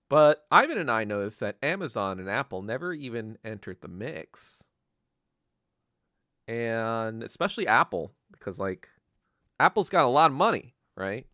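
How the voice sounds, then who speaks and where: A man hosting a podcast in a casual, profane rant that swings between low muttering and loud outbursts. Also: dry recording, clean studio sound. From Korea. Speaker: podcast host. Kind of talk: casual ranting monologue.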